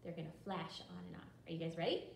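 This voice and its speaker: A young woman librarian leading a children's storytime, talking slowly and encouragingly to kids at home. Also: low-pitched, fairly even intonation, vocal fry, slight background noise. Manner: slow, bright and encouraging, talks to children at home. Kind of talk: children's storytime with action songs. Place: library room. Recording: roomy echo from a distant camera.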